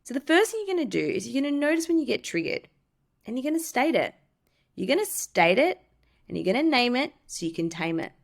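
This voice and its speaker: A woman's voice: fairly quick, gravelly. Woman, podcast host, candid storytelling, self-help tips. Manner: candid, acts out quoted voices with lively pitch jumps.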